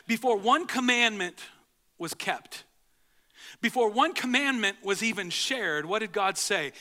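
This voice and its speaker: A man preaching a sermon in a church, conversational and halting, often restarting his sentences and dropping low and slow for emphasis. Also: animated, bright, forceful tone. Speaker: pastor. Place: church sanctuary.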